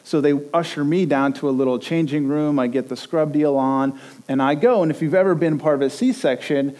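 A male pastor in his thirties delivers a sermon with a somewhat high voice. He tells stories animatedly and slips into quoted voices. His delivery rises and falls with the anecdote. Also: fairly quick, rough recording. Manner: animated storyteller, acts out quotes with rising pitch. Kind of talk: sermon with personal story.

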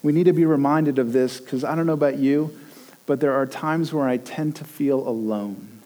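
A man, likely in his thirties, preaching a sermon and telling a lively personal story, acting out the quotes. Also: moderate pace, low-quality recording. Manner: animated storyteller, acts out quotes with rising pitch. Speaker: pastor.

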